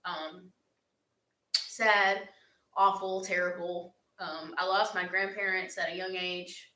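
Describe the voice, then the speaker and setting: A woman's voice: fairly low pitch, flat delivery, takes it slowly, sharp tone. A young woman answers fan questions in an earnest, heartfelt casual chat, with laughs along the way. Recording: echoey room.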